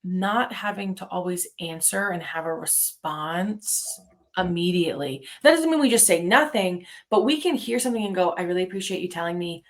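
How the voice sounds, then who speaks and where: A woman's voice: lowish voice, animated, moderate pace. A woman co-hosting a podcast in casual chat, frank and candid, giving plain advice. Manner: frank, candid, says "babe". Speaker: podcast co-host.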